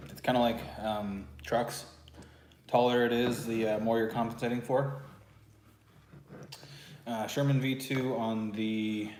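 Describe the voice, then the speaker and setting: A man's voice: mid-range voice, a little mellow, a little hiss or hum. A man with a Texan accent hosting a live stream from home, chatting and teasing casually, throat a bit sore. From Texas. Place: home room with house lighting. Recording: echoey room.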